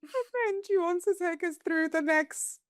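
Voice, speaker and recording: Gentle high-voiced woman host. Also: fairly even intonation, normal speed, no room sound, clean studio sound. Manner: gentle, composed, soft-spoken. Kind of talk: conversational interview.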